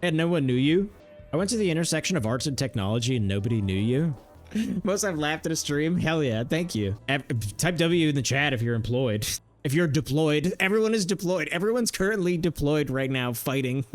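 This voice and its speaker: A man's voice: a little high, animated, fairly quick, soft background music. A young man streaming a game, riffing jokes to his chat and laughing often. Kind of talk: casual livestream banter while gaming.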